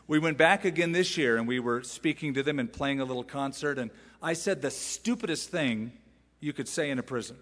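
A man's voice: medium pitch, a little fast, a bit bright. Emphatic male pastor in a reverberant hall. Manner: emphatic, uses rhetorical questions and asides. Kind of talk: expository sermon. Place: large church sanctuary. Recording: long reverb in a large hall.

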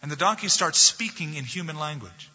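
A male pastor preaching a sermon, retelling a story with animated, emphatic delivery and a slightly husky voice. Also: fairly high pitch, fairly quick. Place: church sanctuary. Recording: dull lo-fi recording in an echoey hall.

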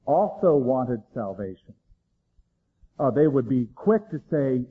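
A man preaching a sermon, dramatic, swinging between loud emphasis and hushed low lines. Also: big pitch swings, a little slow, breathy edge, phone-quality sound. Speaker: pastor.

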